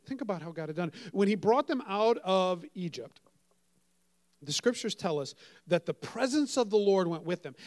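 High-pitched guy preaching, big loud-soft swings, acts out the voices. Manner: animated storytelling, dramatic swings in volume. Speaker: pastor. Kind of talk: sermon.

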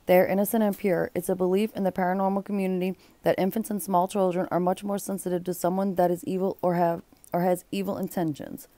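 A woman's voice: lowish voice, flat delivery, fast talker, few pauses, dark tone, dry recording. A woman reading a book aloud and breaking off for blunt, exclaiming comments. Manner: blunt, exclaiming asides between read passages.

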